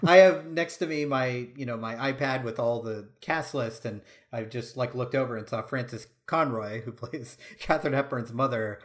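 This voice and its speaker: A man's voice: mid-range voice, moderate pace, hardly any pauses. A man co-hosting a podcast, chatting enthusiastically about films. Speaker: podcast co-host. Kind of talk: casual film discussion.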